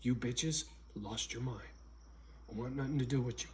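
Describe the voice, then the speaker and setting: A man's voice: medium pitch, moderate pace, darkish tone, a little hiss or hum. A man ranting bluntly and profanely in a casual vlog, alone at home. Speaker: vlogger. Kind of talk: casual rant to camera.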